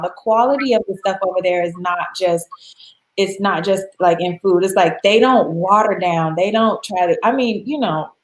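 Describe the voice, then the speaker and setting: An American woman tells stories as a guest in a casual chat. She is animated, laughs often and slips into quoted voices. Her mid-pitched voice rings out in a noticeably echoey room. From United States. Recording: roomy echo.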